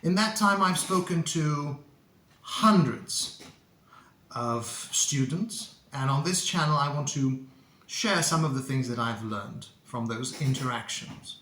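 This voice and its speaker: A man teaching English pronunciation to camera, speaking deliberately and repeating words for learners to copy. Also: mid-range voice, bright, forceful tone. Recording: echoey room.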